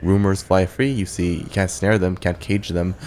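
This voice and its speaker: A man's voice: sits low, normal speed, slight background noise, natural voice. A man reading as a courteous ancient lich. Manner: smooth, flattering, read aloud plainly.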